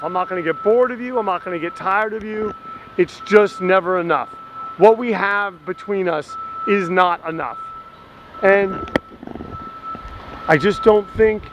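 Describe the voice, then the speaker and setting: A man's voice: high voice, highs cut off, lightly acted. An actor playing a dumped young man who rambles and pleads in a video message to his ex, outdoors near traffic. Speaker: lead character in a short comedy film. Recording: street noise with passing vehicles.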